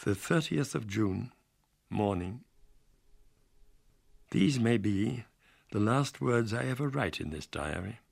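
A man reading an audiobook aloud with dramatic, measured storytelling. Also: lowish voice, vocal fry. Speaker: narrator. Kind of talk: scripted audiobook narration.

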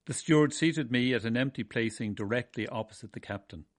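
A man from Ireland, narrating a memoir of his seafaring days in a measured, wry way. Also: medium pitch, no room sound, studio quality. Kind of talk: first-person storytelling.

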